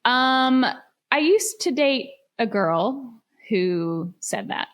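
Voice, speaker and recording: Slow-talking dry woman co-host. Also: fairly high pitch, animated, fairly bright tone. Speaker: podcast co-host. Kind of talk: casual chat.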